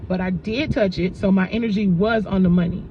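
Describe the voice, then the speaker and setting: A woman's voice: mid-range voice, fairly even intonation, brisk, lo-fi sound, a little hiss or hum. A woman vlogger telling a story in a chatty, rambling way, full of fillers, recorded on a phone propped up in a car. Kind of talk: casual storytelling. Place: inside a car.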